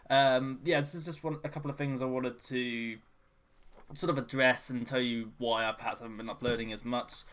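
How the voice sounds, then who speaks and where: A man casually updating his viewers in a vlog, hesitant and apologetic, with many fillers and restarts. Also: mid-range voice. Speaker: channel host.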